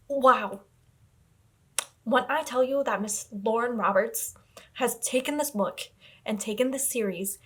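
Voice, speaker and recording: Young woman, book vlogger, slightly high voice, excitable and teary, casual chat to a camera. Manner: emotional, exclaiming, gushing. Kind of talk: casual reading vlog chat.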